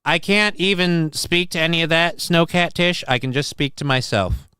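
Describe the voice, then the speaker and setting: A man's voice: a little high, moderate pace, sharp tone, clear, resonant tone, no echo, clean studio sound. A man hosting a casual live stream, reading chat messages and answering them in a defensive, rambling way, swearing casually, with a voice that cracks at times. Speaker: livestream host reading chat.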